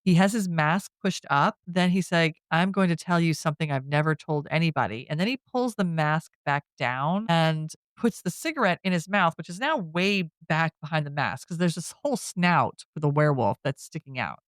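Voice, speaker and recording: Recapping a movie plot on a podcast, this male co-host has a fairly high, fairly bright voice with lively intonation. He's chatty, laughs a lot and slips into brief quoted character voices, all captured in a dry, studio-quality recording.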